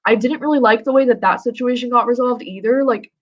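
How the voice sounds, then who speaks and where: A woman's voice: fairly high pitch, quick pace. Young woman guest, casual book chat, swears freely, slightly dull call audio. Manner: casual, swears often, many "like" fillers.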